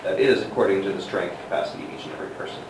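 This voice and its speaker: A male student reading a text aloud in class, slow and careful with hesitations. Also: deep voice. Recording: distant voice in an echoey room with noise.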